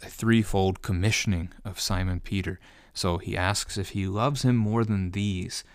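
A man with a very low, deep voice walks through a scripture passage in a relaxed, unscripted teaching style, thinking aloud and sometimes restarting a phrase. The recording is dry and close, with no room sound. He speaks as a pastor explaining the text. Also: dry recording. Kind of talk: unscripted bible study commentary.

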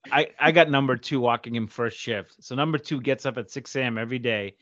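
A middle-aged man hosting a podcast, telling stories with lots of swearing and energy. His voice sits at an ordinary pitch. The sound is dry and a little dull. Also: fairly quick, no room sound. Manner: animated, profane storytelling. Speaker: podcast host. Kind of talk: casual chat.

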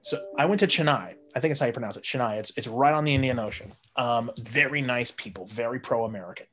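A man's voice: mid-range voice, fast talker, fairly bright tone, slight background noise. A man casually telling a long, profane story, jumping into raised voices when he quotes his friends. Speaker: guest storyteller.

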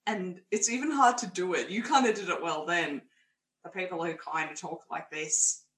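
Brief: young Australian co-host, bright tense voice, crude and frank, echoey room. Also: mid-range voice, moderate pace. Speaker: podcast co-host. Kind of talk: casual film review chat. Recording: roomy echo, faint background noise.

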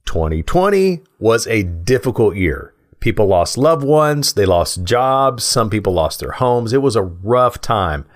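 A male podcast co-host who explains ideas in a measured, thoughtful way. His voice has a lively, varied pitch, and he laughs easily between points.

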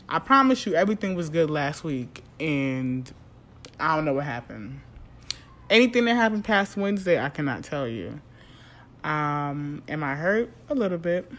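A podcast host in their thirties, talking solo in a candid, slangy, profane monologue full of sudden emphatic jumps. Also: mid-range voice.

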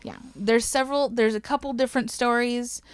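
A woman's voice: on the high side, fairly quick, clean tone, no room sound, studio quality. A woman casually telling a history story to a co-host, swearing freely, laughing and getting emotional.

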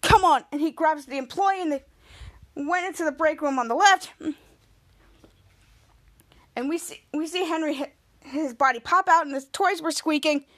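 Very high-voiced woman recapping a show. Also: normal speed, pauses often, fairly bright tone. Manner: rambling, with many restarts. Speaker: podcast host. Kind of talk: casual episode recap.

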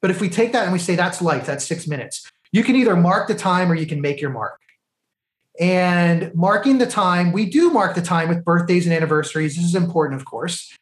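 A man's voice: high voice, a little fast. Man telling a story in an echoey room. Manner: animated film-plot retelling, drifting into reflective life lessons. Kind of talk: casual conversational storytelling.

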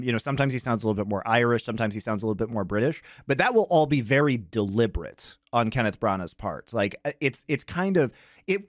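A male podcast host chats casually, explaining things with enthusiasm and plenty of fillers. His voice is fairly low, and the studio recording is clean with no room sound.

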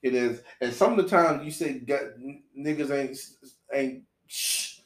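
A man in a casual podcast chat, making his points slowly and deliberately, like a preacher. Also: mid-range voice. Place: apartment room. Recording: echoey room.

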